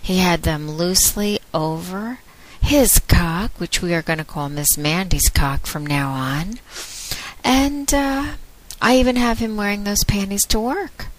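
A woman doing a casual spoken blog in a slow, teasing, drawn-out way. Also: medium pitch, lively intonation, rough recording. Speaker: adult webcam domme blogging.

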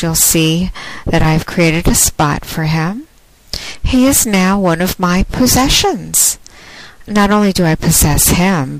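Female podcast host, casual monologue, lowish pitch, unhurried and drawn out. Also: dry recording, low-quality recording.

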